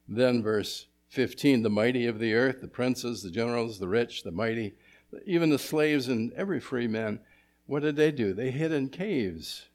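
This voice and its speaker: Speaking at medium pitch and normal speed, this man delivers an expository sermon as pastor. He asks the congregation rhetorical questions, shifting between forceful emphasis and a hushed tone.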